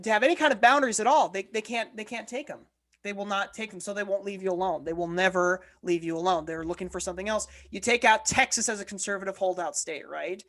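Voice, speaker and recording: A woman's voice: mid-range voice, normal speed, fairly bright tone. A woman co-hosting a political discussion podcast, talking in an impassioned, argumentative way and often restarting her sentences. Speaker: podcast co-host.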